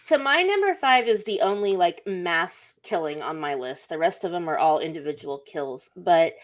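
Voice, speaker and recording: A woman hosting a casual podcast chat, talking in a chatty way with quick asides. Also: on the low side, expressive. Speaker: podcast host.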